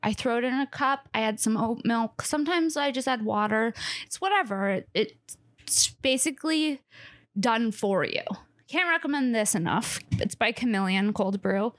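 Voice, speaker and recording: Touring her fridge in her kitchen, a woman comedian speaks at normal speed in an expressive, fairly high voice with no echo. She rambles casually, mocking herself sarcastically, cursing freely and running slightly out of breath.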